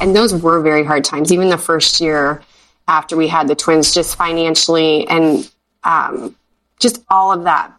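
A mid-pitched woman speaking as a guest, a mother of twins. She talks casually and reflectively, dropping "like" often as she shares personal stories. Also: a bit bright. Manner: chatty, frequent "like", reflective.

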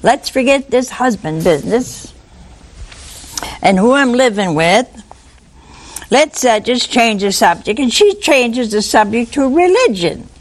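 A woman preaching a sermon, animated and full of rhetorical questions to her listeners. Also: fairly high pitch, measured pace.

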